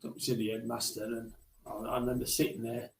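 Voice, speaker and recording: A man telling stories from his childhood as a podcast guest, reflective and halting, with many restarts. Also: mid-range voice, flat delivery, vocal fry, echoey room, a little hiss or hum, low-quality recording. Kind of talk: storytelling in a podcast interview.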